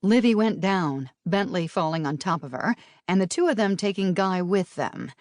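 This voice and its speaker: A woman narrating an audiobook in a brisk, lively storytelling manner. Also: lowish voice, dry recording.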